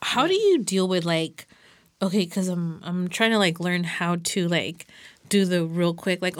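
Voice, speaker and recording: A woman's voice: on the low side, lively intonation, a little slow, no room sound. A young adult woman chatting as a podcast guest, rambling loosely with lots of filler words between thoughts. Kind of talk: casual chat.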